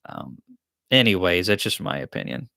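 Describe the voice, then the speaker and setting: A man's voice: sits low, big pitch swings, moderate pace, vocal fry, bright, forceful tone, dry recording, studio quality. A man hosts a live-stream Q&A, reading chat questions aloud and answering them in a joking, rambling, self-deprecating way. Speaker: beekeeping channel host.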